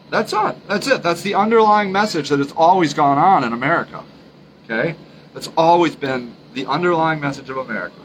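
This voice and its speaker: Man, podcast host, solo monologue, earnest, emphatic, halting restarts, mid pitch, faint background hiss. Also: fairly bright tone, rough recording. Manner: earnest, emphatic, repeats his points.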